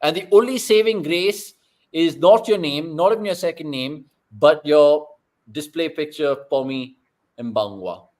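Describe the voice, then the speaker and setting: Lively young man hosting a watchalong. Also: on the high side, a little slow. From India. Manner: animated, jokey, bursts into loud excitement at big moments. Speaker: watchalong host. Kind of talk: excited live cricket watchalong chat.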